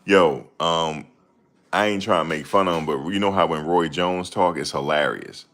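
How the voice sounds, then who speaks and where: A man's voice: deep voice, normal speed, fairly bright tone. A man hosting a casual stream, reading and answering chat comments in a rambling, slangy way. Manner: rambling, slangy, laughs a lot.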